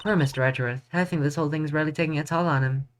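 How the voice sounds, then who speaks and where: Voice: medium pitch, steady tone, rapid-fire. Tired streamer reacting with blunt swearing. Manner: reads game text aloud and reacts bluntly with swearing. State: tired, yawning. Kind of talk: live game playthrough commentary.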